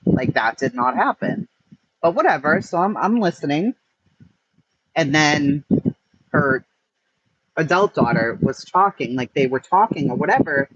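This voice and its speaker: A man's voice: on the high side, measured pace, pauses often, husky. A man, an online streamer, ranting in blunt, profane, emphatic commentary. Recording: muffled with steady background noise.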